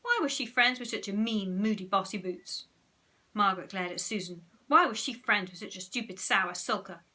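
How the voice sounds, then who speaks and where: Bright-voiced woman reading a children's story. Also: medium pitch, moderate pace. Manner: expressive, explaining pictures to children. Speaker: primary school teacher. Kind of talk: children's storybook read-aloud.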